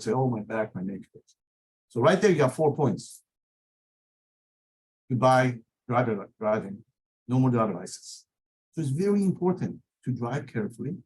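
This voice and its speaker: A middle-aged man, a lawyer, lectures teenagers in an earnest, warning tone. His voice is slightly husky and sits at an ordinary pitch. His English has non-native phrasing. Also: darkish tone, rough recording. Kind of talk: advisory talk to teenagers.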